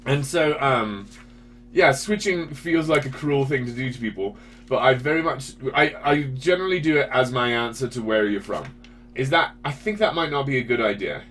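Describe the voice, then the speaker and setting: Male streamer host, middle-pitched, casual and self-interrupting, faint hum behind. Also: moderate pace. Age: adult parent. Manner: animated, self-interrupting, frequent restarts. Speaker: video host and commentator. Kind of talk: casual livestream commentary.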